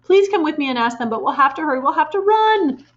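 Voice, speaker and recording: A woman voicing a small, bold girl who cries out in a high, breathless voice while reading a storybook aloud. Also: animated, quick pace, lo-fi sound. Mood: pleading.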